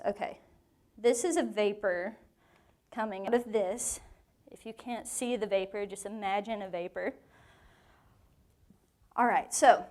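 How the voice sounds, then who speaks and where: Woman teaching bible study to a group, kinda high voice, jokey and playful. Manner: playful, joking asides to the group. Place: meeting room with a live group.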